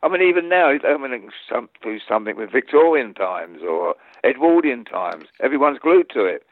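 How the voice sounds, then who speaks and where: An older man with an East London accent, a guest telling rambling stories with an animated, chuckling manner. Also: mid-range voice, moderate pace, no echo. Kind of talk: anecdotal interview chat. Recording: tinny phone-like line.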